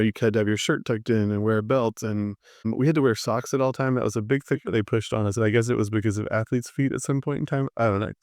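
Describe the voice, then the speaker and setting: Smooth-voiced man telling teaching stories. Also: fairly low pitch, no echo, clean studio sound. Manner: animated storyteller who acts out quoted voices. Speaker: theater arts teacher, podcast guest. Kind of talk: casual storytelling conversation.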